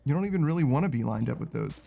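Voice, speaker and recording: A man streaming a video game talks in a loose, casual way, cursing freely and reading viewer messages aloud. He keeps tacking a playful meow onto his phrases. Faint music plays quietly under his voice. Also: expressive, racing, gravelly, dull audio. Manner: swearing, saying meow after phrases, reading chat aloud; frustrated outbursts in a raised, higher voice. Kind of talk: casual gaming stream commentary.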